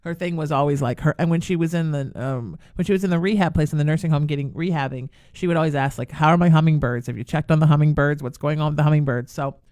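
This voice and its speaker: A woman's voice: sits low, fast talker, hardly any pauses, a little mellow, no echo, studio quality. A woman hosting a radio talk show, chatting in a casual, reassuring way. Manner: reassuring, friendly.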